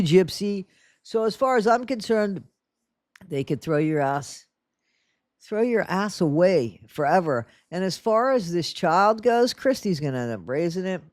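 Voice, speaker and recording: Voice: medium pitch, dry recording, clean studio sound. Blunt, profane vlogger in their sixties. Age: 60s. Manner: sarcastic, scolding. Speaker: true crime commentator. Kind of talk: ranting vlog commentary.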